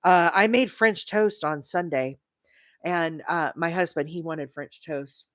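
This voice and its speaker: Chatty woman with a dry, lowish voice. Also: a little slow, dry recording. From Arizona. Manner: rambling, chatty, reads out viewer comments; bursts of high excited emphasis. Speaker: crochet livestream host. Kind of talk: casual live-stream chat.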